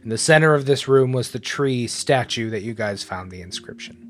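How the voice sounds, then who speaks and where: A man narrating and explaining as dungeon master in a tabletop game, calm and explanatory. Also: medium pitch, fairly quick. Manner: relaxed, explaining rules and scenes. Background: guitar music.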